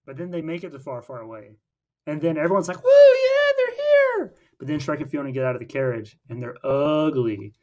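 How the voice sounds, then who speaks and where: A man's voice: mid-range voice, fast talker, a little mellow. A man co-hosting a casual film podcast, recapping the plot in a rambling way with many fillers and restarts. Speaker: podcast co-host.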